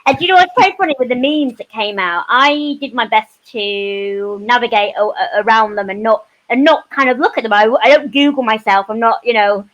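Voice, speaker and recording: A woman's voice: on the high side, fairly quick, few pauses, muffled recording. A woman, a panel guest telling her stories in a casual chat with lots of "you know" asides. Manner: animated storytelling, frequent "you know" asides.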